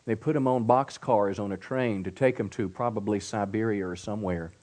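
A middle-aged man preaching a sermon as pastor at a church service, emphatic with "come on" call-outs and hushed storytelling. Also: lowish voice, a little fast.

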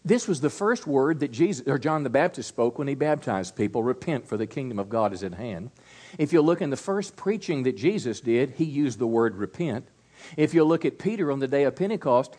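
A man's voice: a little high, darkish tone. A middle-aged male pastor preaching a sermon, with a folksy, conversational delivery, asking the congregation to repeat words and joking with them. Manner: call-and-response preaching, folksy asides to the congregation.

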